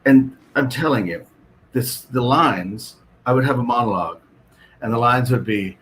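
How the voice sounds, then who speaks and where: On a video call, a guest actor chats casually, animatedly spinning self-deprecating stories. He speaks at a moderate pace in a mid-range voice, with slight background noise on a low-quality recording.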